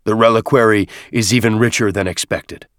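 A man voicing a proud, gruff alien male chieftain who growls and barks his words. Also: lowish voice, steady tone, a little fast, no room sound, clean studio sound, natural voice. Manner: growling, barking commands.

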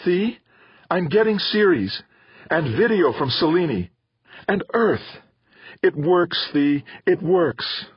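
A man putting on the high, gentle voice of a steady mother on an old spaceship, from an audiobook. The sound is dull and lo-fi, dry and close. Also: takes it slowly, pauses often, slightly rough, no echo, full character voice. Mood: elated.

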